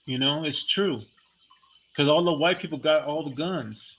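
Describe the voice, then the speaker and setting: A man's voice: on the high side, unhurried. A man delivering a heated, blunt, profane monologue as a vlogger, talking casually and speaking his mind. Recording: dull lo-fi recording.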